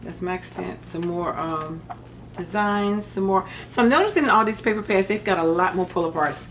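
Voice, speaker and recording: A woman's voice: on the low side, normal speed, fairly bright tone, slight background noise. A middle-aged woman chatting casually through a craft paper haul, rambling with joking asides. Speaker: crafting vlogger. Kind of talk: casual haul show-and-tell.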